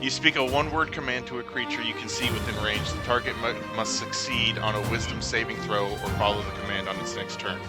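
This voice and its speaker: A man playing in a tabletop game, eager and quick to act, sometimes reading rules aloud. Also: lowish voice, steady tone, over loud music. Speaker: player. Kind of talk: casual tabletop game chat.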